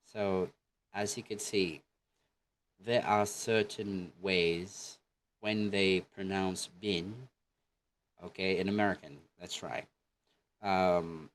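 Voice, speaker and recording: A man's voice: sits low, fairly even intonation, slow pace, pauses often, slight background noise. A man teaching English pronunciation in an online lesson, patiently repeating example phrases for learners to say back. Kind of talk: online language lesson with repeat-after-me drills.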